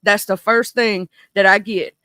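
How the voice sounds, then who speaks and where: A woman in her thirties with a Mississippi Southern accent, hosting a casual livestream chat in a goofy, animated, rambling way. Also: medium pitch, a little slow, clean tone, no echo. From small town in northern Mississippi, USA. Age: 30s. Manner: goofy, animated, talkative, goes off on tangents. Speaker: livestream host.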